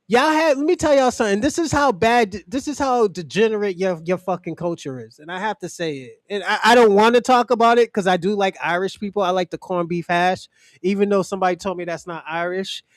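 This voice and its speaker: Profane high-voiced man ranting. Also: a little fast, no echo. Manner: profane, mocking, laughs often. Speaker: livestream host. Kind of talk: casual livestream rant.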